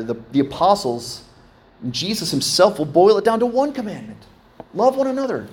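A man's voice: a little high, a little mellow. A man in his thirties, a pastor preaching a sermon in a conversational way, often asking his congregation questions.

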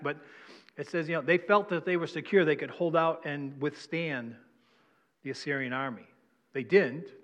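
Man, pastor, conversational sermon, slightly high pitch, long hall reverb. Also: a bit bright. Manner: conversational preaching, asks congregation questions. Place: church sanctuary.

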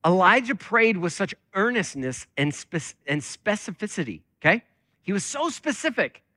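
A man's voice: sits high, very animated, moderate pace, bright, forceful tone, no room sound, studio quality. A man preaching a conversational sermon as lead pastor, talking with many fillers.

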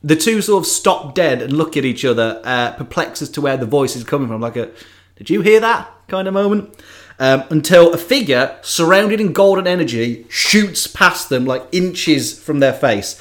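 A man in casual podcast chat, telling a film plot in an animated way with frequent asides. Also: on the high side, moderate pace.

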